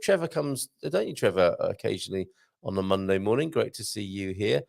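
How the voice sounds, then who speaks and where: A man's voice: on the low side, animated, brisk, gravelly, darkish tone, dry recording, studio quality. A man hosting a live show in a casual, jokey way, reading out viewer comments and adding chatty asides. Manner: chatty, jokey, reads messages aloud with asides.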